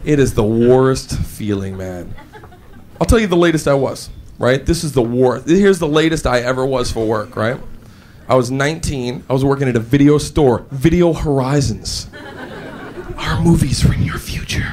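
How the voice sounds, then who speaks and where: A male stand-up comedian telling an animated story, acting out voices with big pitch jumps. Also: moderate pace, a little hiss or hum. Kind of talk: stand-up routine. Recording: live stage with loud crowd laughter. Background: audience laughing.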